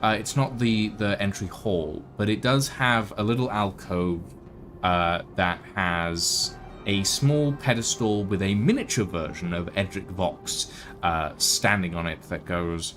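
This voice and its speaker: A man narrating as game master in a tabletop game, with halting, filler-heavy delivery. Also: low-pitched, fairly bright tone, soft background music.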